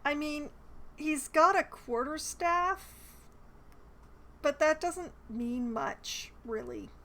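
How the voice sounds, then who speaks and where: A woman's voice: sits high, slow, pushed and bright. A woman casually commenting while she plays a game, chatty and a bit hesitant, poking fun at herself. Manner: chatty, hesitant, self-deprecating. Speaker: streamer playing a game.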